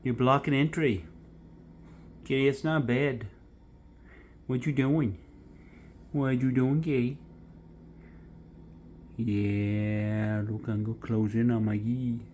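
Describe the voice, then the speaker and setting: A man's voice: medium pitch, steady tone, slow pace, long pauses, a little mellow, slight background noise. A man in his apartment talking to his cat in affectionate, teasing baby talk. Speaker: cat owner filming his pet. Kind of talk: casual pet vlog chat. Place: indoors in an apartment.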